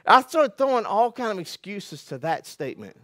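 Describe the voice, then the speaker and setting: A man preaching a conversational sermon, telling stories with folksy self-deprecating humor, dropping to quiet asides and climbing to loud, emphatic peaks. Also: high-pitched, big pitch swings, moderate pace, dry recording. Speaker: pastor.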